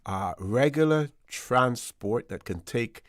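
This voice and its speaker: A Caymanian man hosting a radio talk show, talking in a relaxed, rambling way with plenty of fillers and restarts. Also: medium pitch, takes it slowly, no room sound, studio quality. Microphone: studio microphone.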